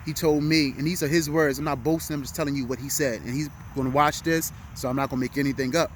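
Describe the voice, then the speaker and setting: An earnest middle-aged man talks outdoors on a city street as evening falls, his voice sitting a little higher than most men's. He speaks with open emotion, leaning on repeated phrases to drive his message home. Faint traffic sounds hum behind him. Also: steady tone, fast talker. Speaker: vlog host. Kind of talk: heartfelt motivational talk. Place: outdoors at dusk, urban street.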